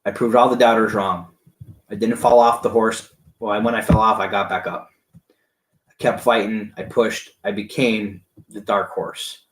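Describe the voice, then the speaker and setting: A man casually recounting a competition to the camera, rambling excitedly and acting out the cheering crowd. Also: on the low side, moderate pace, reverberant, a little hiss or hum.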